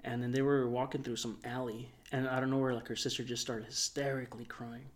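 Chill guy on a podcast telling a long story, quiet, says like a lot, normal pitch. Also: level tone, a little fast. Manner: rambling, soft-spoken, lots of "like". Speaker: podcast co-host. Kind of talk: casual storytelling.

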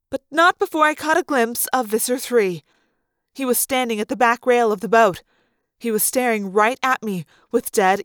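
A woman reads a first-person story aloud, acting out the scenes with feeling. Her voice is high, and the sound is dry and close with no room echo. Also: a bit bright. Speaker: audiobook reader.

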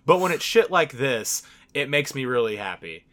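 A man's voice: mid-range voice, sing-song, normal speed, a bit bright. A man co-hosting a casual podcast, talking candidly, swearing freely, with lots of fillers. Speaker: podcast co-host.

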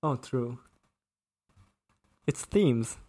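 A man chatting casually as a podcast co-host, relaxed and quick to agree and laugh along. His speech sometimes speeds up when he gets excited. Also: medium pitch. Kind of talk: casual chat.

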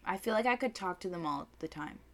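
Bright-voiced young woman chatting. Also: on the low side, fast. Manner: animated, swearing, laughing often, mimicking voices. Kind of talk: casual chat.

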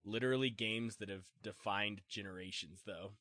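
A man co-hosting a podcast in casual chat, easygoing and quick to laugh, with casual swearing. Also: on the low side, pushed and bright, no room sound, clean studio sound. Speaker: podcast co-host.

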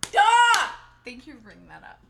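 Bright high-voiced young woman. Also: big pitch swings, moderate pace. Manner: giggly, profane storytelling. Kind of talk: casual chat.

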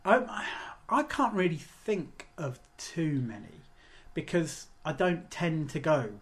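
A man's voice: on the high side, big pitch swings, slow. A man co-hosting a casual podcast chat with dry humour and jokey asides. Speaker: podcast co-host.

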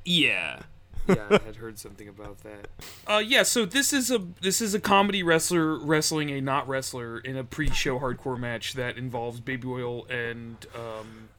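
A man's voice: medium pitch, expressive, moderate pace, bright, forceful tone. A man co-hosting a casual wrestling podcast, rambling and joking with frequent laughs. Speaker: podcast co-host.

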